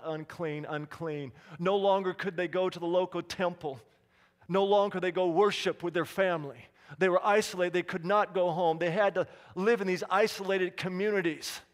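High-voiced man preaching in a reverberant hall. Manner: dramatic preaching, swinging between hushed and loud calls. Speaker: pastor. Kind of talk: sermon. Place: church sanctuary.

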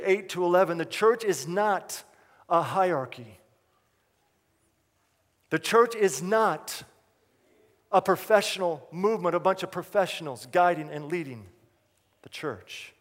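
Male pastor, high voice, emphatic sermon delivery, repeats his points, church reverb. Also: a little slow, long pauses. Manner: emphatic, repeats key lines, asks the congregation questions.

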